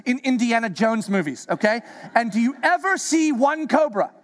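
Man preaching, high voice, animated, playful asides. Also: moderate pace. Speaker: pastor. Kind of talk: sermon.

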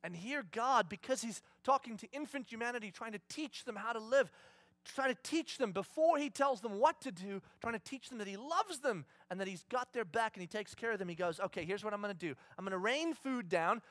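A man preaching a conversational, animated sermon, often acting out voices. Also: extremely high pitch, brisk, no room sound. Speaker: pastor.

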